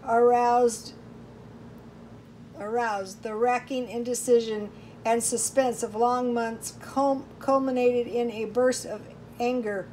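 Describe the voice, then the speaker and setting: A woman reading a storybook aloud in slow, measured narration. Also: fairly high pitch, darkish tone, a little hiss or hum, low-quality recording. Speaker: audiobook reader.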